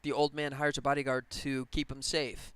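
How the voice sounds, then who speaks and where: A man's voice: mid-range voice, little pitch movement, normal speed, fairly bright tone, clean tone, no room sound. A man game developer chatting casually on a live stream while he works, rambling and laughing often. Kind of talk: casual livestream chat while working.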